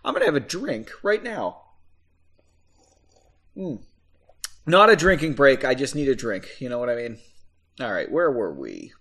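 A man's voice: mid-range voice, very animated, measured pace, long pauses, fairly bright tone. A man reading his own book aloud in a casual way, breaking off for chatty, self-mocking asides and casual swearing.

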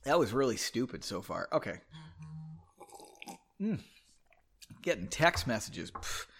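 A man's voice: mid-range voice, big pitch swings, unhurried, a bit bright, husky. Sarcastic man mocking a book. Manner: sarcastic asides, mocking the text. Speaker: podcast host. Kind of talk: comedic book reading with drinking game.

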